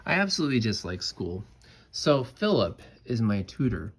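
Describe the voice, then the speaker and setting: A man reading a children's picture book aloud in a playful, expressive way, adding casual asides. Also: medium pitch, normal speed, a little hiss or hum. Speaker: storybook reader.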